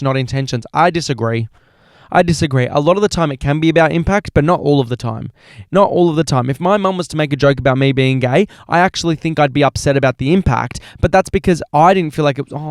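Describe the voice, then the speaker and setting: Chatty Australian man with a dry, clear voice. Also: a little high, no room sound. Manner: rambling, animated, heavy use of filler phrases. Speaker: podcast host. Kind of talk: casual solo chat answering questions.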